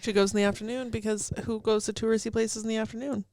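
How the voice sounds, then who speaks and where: A woman's voice: a little high, little pitch movement, fast talker, a little mellow, slight background noise. A woman co-hosting a podcast, chatting casually, teasing her friend and telling dry little stories. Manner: wry, teasing, tells stories with quoted asides. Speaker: podcast co-host. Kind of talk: casual chat.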